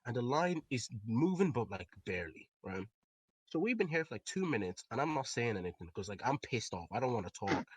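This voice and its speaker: A young man telling a story in a casual podcast chat, animated and swearing, with loud outbursts. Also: medium pitch, a little fast, slightly rough, no echo. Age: young adult. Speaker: podcast co-host.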